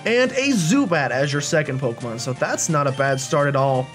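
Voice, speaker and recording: Man, let's play host, casual gameplay commentary, chatty and jokey, animated pitch, faint game music behind. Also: moderate pace. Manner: chatty, jokey, rambling with fillers.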